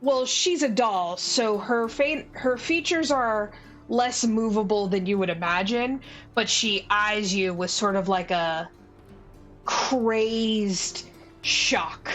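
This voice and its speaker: A woman's voice: medium pitch, takes it slowly, a bit bright. A woman game master narrating a tabletop game, hesitant and full of fillers. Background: faint background music.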